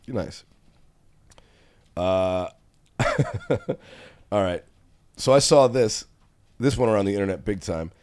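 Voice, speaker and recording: A man's voice: lowish voice, animated, takes it slowly, long pauses, darkish tone. A middle-aged man hosting a podcast, chatting in a blunt, profane, joking way. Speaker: podcast host. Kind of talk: casual comedic chat.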